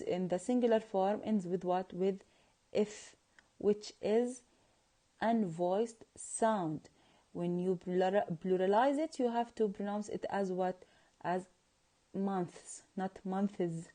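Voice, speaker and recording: Slow, mellow-voiced woman teaching English. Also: medium pitch. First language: Arabic. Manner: drills words, asks and answers her own questions. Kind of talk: recorded classroom pronunciation lesson.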